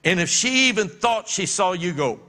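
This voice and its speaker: A man's voice: sits high, lively intonation, normal speed, pushed and bright. A middle-aged man preaching a sermon as pastor, telling folksy stories and laughing often. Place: church sanctuary. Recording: long hall reverb.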